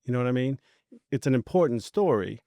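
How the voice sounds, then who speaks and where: A podcast co-host speaks earnestly and builds his point with examples. His voice is mid-pitched and the sound is dry and close. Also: expressive, brisk, warm tone, dry recording. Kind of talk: casual podcast conversation.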